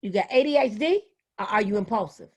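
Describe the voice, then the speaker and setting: A woman in her fifties, a retired school administrator, giving an animated, folksy talk to educators. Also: medium pitch, fairly quick. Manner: animated, folksy, acts out quoted voices. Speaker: educational speaker. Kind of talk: motivational talk.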